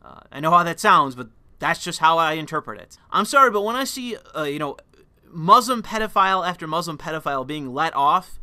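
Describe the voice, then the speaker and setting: A man's voice: fairly high pitch, lively intonation, fairly quick, pushed and bright, no room sound. Heated, profane male commentator, dry close sound. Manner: heated, profane, rambling with many fillers. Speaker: commentary channel host. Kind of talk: political commentary monologue.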